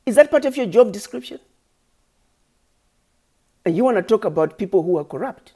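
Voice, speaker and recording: A woman's voice: mid-range voice, lively intonation, moderate pace, dark tone, husky. A woman founder giving an impassioned address, scolding her critics with rhetorical questions and preacher-like repetition. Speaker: organization founder.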